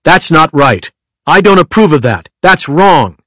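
A man's voice: a little high, animated, unhurried, a bit bright, no room sound. A man reading the lines of a blunt, demanding older male president in a brusque, repetitive way, staying close to his own voice. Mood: indignant.

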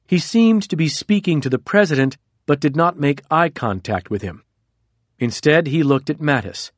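A man reading a nonfiction audiobook in a measured, even narration. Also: on the high side, no room sound. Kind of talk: scripted narration.

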